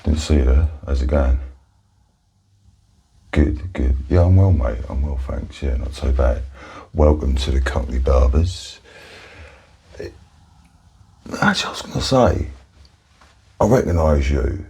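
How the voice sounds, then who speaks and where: Cockney man, whispered role-play barber, very deep, gravelly, husky, soft and matey. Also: measured pace, pauses often. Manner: soft-spoken, chatty, matey. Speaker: barber in ASMR roleplay.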